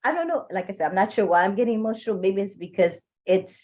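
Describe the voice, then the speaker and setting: A woman's voice: mid-range voice, expressive, fast. A woman course participant sharing personal feelings, rambling and open with self-conscious laughs. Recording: tinny phone-like call line.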